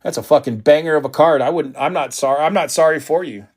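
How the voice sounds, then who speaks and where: Excitable man hosting a card break. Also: on the high side, fast talker, husky. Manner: excitable, hyped, chatty with viewers. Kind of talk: live card break stream.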